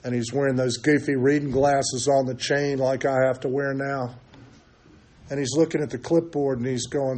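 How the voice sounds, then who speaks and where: A man's voice: medium pitch, fairly even intonation, moderate pace, a little mellow. Candid older man telling his story. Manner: candid, self-mocking, loose storytelling with frequent fillers. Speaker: recovery meeting speaker. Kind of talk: personal recovery testimony.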